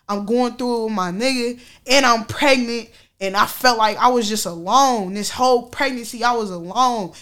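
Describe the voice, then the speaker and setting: A woman with a voice on the high side and a bit bright tells her viewers a personal story. She's a vlogger speaking candidly and casually, using slang and profanity and laughing often.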